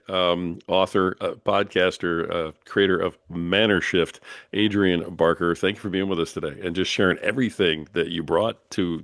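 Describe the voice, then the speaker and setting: A man hosting a podcast interview, brisk and affirming as he asks questions and thanks his guest. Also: deep voice, no echo, clean studio sound. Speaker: podcast host.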